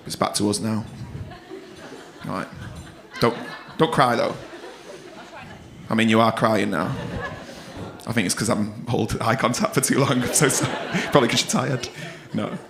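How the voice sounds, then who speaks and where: A man's voice: lowish voice, fairly even intonation, moderate pace, pauses often, a crowd in the background. A man hosting as compere in a comedy club, teasing audience members with cheeky banter before bringing on the next act. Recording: live comedy club with clear audience noise.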